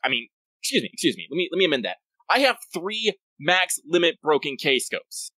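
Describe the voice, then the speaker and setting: Male podcast co-host, loose and profane, with a crisp, bright tone. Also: a little high, very animated, a little fast, dry recording, poor audio. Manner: rambling, profane, self-interrupting. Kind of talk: casual chat.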